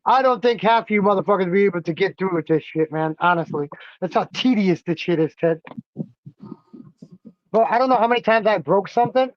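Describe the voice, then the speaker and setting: A man's voice: sits high, a little fast, no room sound, lo-fi sound. A man hosting a casual livestream, chatting with viewers while doing a fiddly craft and swearing often. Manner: profane, grumbling, greets chat viewers. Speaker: livestream host.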